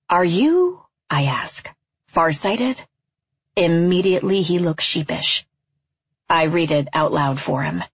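A woman from California narrating a first-person story in a wry, deadpan, reflective way. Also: deep voice, husky, dry recording, lo-fi sound.

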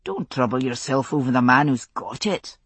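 A woman reading an audiobook, voicing a tender, stubborn young man in a low, firm, coaxing murmur. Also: expressive, moderate pace, fairly bright tone, breathy edge, no room sound, full character voice.

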